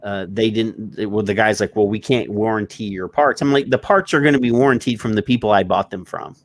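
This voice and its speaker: A man's voice: on the low side, fairly quick. A man telling a story in casual podcast chat, acting out what people said and swearing when annoyed. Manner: animated storyteller, acts out quotes, swears. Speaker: co-host.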